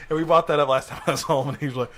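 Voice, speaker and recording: A man's voice: fairly high pitch, fairly even intonation, very fast, fairly bright tone, a little hiss or hum. A young man from Virginia, a podcast host telling casual stories and laughing often. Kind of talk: casual storytelling chat.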